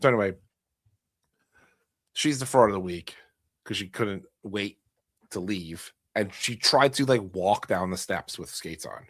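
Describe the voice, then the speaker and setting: A man's voice: lowish voice, a little slow, long pauses, fairly bright tone, no room sound. A middle-aged man hosting a podcast, telling a family story in a wry, casual way with dry humor. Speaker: podcast host.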